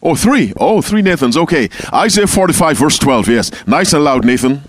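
A man's voice: fairly high pitch, lively intonation, normal speed, no room sound. Man teaching a Bible class. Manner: calls on members to read, repeats key phrases.

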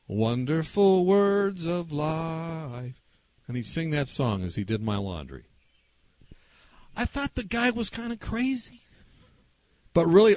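Animated storytelling preacher, man. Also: a little high, no echo. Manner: animated, swings between loud and hushed. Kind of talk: sermon storytelling.

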